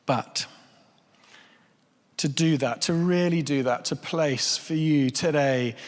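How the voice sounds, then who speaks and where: A man's voice: fairly high pitch, takes it slowly. A man in his thirties preaching a sermon in church, earnest and pleading, repeating phrases for emphasis. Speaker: pastor. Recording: long church reverb.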